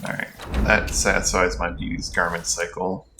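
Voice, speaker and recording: A man's voice: low-pitched, flat delivery, moderate pace, noisy background. A man streaming a game, chatting casually and thinking aloud in rambling asides. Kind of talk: casual gameplay commentary.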